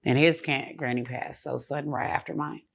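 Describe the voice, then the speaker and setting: Low voice woman, heated and blunt, cussing a lot on an interview couch. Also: steady tone, moderate pace, creaky. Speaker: interview guest. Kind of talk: casual interview.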